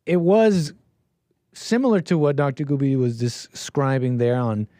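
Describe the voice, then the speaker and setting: A man's voice: mid-range voice, sing-song, measured pace, warm tone, no echo. A man livestreaming, rambling casually with many repeats and restarts. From Canada. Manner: meandering, repeats words and restarts.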